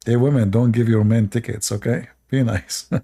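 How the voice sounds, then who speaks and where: Here a native Arabic speaker from the Middle East, with an Arabic accent, hosts a casual live stream and lectures viewers using short repeated commands and broken grammar. He keeps a steady tone at normal speed, his medium-pitched voice dark and marked by vocal fry.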